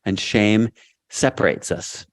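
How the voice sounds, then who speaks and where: A reflective man co-hosts a book discussion and explains ideas thoughtfully. His voice is fairly low. The sound is dry and close. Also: slow pace, no echo. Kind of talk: casual discussion.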